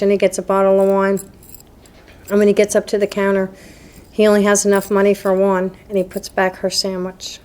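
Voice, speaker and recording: Speaking to a live group in a meeting hall, a woman from New Jersey offers a candid, self-deprecating testimony at a recovery meeting and laughs at her own past. Her voice sits at medium pitch with a slightly mellow quality.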